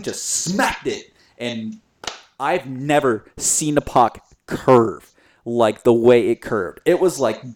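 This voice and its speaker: Excitable young man chatting about hockey. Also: mid-range voice. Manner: excitable, animated, laughs often, many fillers. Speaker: podcast co-host. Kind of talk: casual hockey chat.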